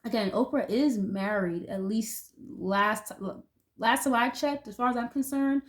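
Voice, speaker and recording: Loose and chatty, this woman reads tarot cards for her viewers, saying "like" a lot and now and then swearing. She speaks unhurriedly in a fairly high voice.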